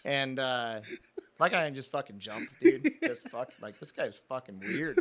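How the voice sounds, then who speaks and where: A man's voice: medium pitch, sing-song, unhurried, a bit bright. A young man, a podcast guest, tells a casual, rambling story full of swearing, often calling the listener "dude". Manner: profane, rambling, says "dude" a lot. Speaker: podcast guest, former prison officer.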